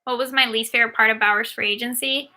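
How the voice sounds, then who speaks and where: A woman's voice: fairly high pitch, steady tone, fast, sharp tone. A woman in her thirties, a sports agent, casually answering viewer questions while watching a game, with many ums and likes.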